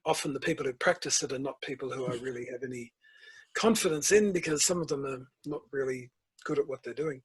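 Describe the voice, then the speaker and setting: An older man, a guest author and principal telling stories in a measured, reflective interview. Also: mid-range voice, slightly rough, low-quality recording. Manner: measured storytelling, tells anecdotes.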